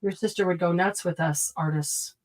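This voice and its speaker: A woman's voice: on the low side, moderate pace. A woman hosting a craft livestream in casual chat, teasing and laughing often. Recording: clear background noise.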